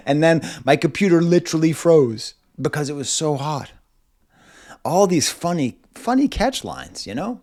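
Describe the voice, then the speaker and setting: A man's voice: a little high, sing-song, a little slow, a little mellow. A man in his forties, recorded at home, reviewing an album in a loose, rambling way, often stopping and restarting his thoughts. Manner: rambling, self-interrupting, lots of "like". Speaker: music reviewer. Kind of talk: casual video album review.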